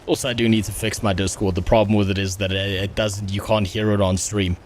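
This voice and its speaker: A man's voice: fairly low pitch, level tone, fairly quick, slight background noise. A man streaming a game, talking casually to himself and his chat, grumbling and swearing constantly. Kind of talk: casual gameplay commentary. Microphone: headset.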